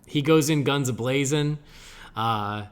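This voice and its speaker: A man co-hosting a podcast in casual chat, enthusiastically recounting scenes and giving quick agreement. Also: medium pitch, smooth. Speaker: podcast co-host.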